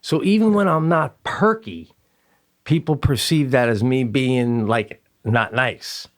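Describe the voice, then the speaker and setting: A man co-hosting a podcast, telling casual comedic stories and acting out quotes with jumps in his voice. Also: takes it slowly. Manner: animated, acts out quotes in high voices. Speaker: podcast co-host.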